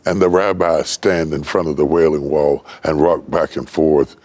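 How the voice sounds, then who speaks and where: An older man from West Virginia preaching a sermon, building from low, slow telling to high, ringing shouts. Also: steady tone. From West Virginia, United States. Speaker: pastor.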